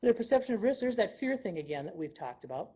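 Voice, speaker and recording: A woman's voice: mid-range voice, sing-song, fast, warm tone, breathy edge, rough recording. A woman presenting a leadership workshop to a live audience, conversational and checking in with "okay?" as she goes.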